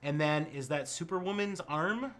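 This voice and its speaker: A man's voice: on the high side, normal speed, a bit bright. An American man co-hosting a casual show, reacting with short encouraging remarks and steering the talk. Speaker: co-host. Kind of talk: casual chat.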